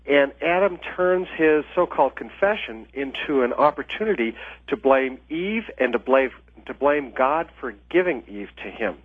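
A man's voice: medium pitch, expressive, normal speed, no room sound. Earnest male interview guest on a tinny phone line. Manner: earnest, explanatory, with frequent uh fillers. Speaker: author and ministry leadership trainer.

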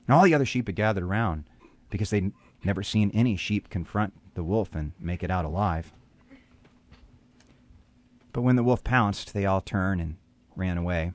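A pastor telling a dramatic story on a radio program, animated and full of repetition. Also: male voice, low voice, moderate pace, pauses often, no echo.

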